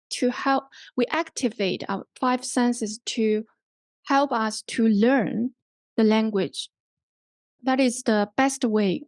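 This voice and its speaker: This workshop instructor teaches English pronunciation online in a Hong Kong accent, going slowly step by step, repeating and rephrasing points and frequently asking "okay?". Her voice is a little high and a little mellow, and the recording is dry.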